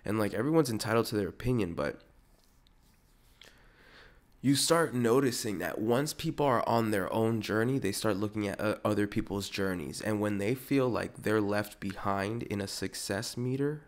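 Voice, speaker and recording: Rambling, low-voiced male podcast host. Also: moderate pace. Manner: rambling and animated, full of "like" and "dude". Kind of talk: casual podcast rant.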